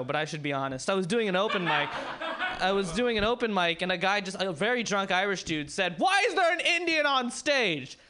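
A man's voice: high voice, sharp tone. A man in his twenties doing a rambling, self-mocking stand-up set, talking to the crowd. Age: 20s. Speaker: stand-up comedian. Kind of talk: stand-up set at an open mic.

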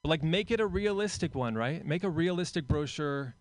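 A man's voice: fairly high pitch, expressive, a little fast, no echo. A man performing stand-up comedy on a club stage, chatting with the crowd and acting out characters. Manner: crowd work, acts out kids in voices. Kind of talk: stand-up set.

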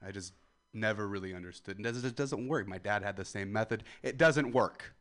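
A man's voice: fairly low pitch, normal speed. Ranting young male stand-up comic. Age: 20s. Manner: loud ranting crowd work, swings between yelling and muttering. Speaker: stand-up comedian. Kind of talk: stand-up comedy set.

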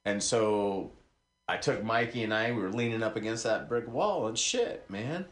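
A man's voice: lowish voice, animated, normal speed. Rambling male podcast host, echoey room. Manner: loose, digressive, talks to listeners directly. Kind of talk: rambling casual monologue. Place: small community radio studio.

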